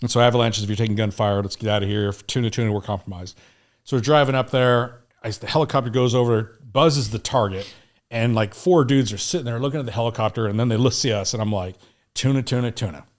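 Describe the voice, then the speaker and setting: A man's voice: mid-range voice, fast. A middle-aged American man telling a war story in a podcast interview, casual and profane, acting out what people said. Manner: animated, profane war storytelling, acts out quotes. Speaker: guest.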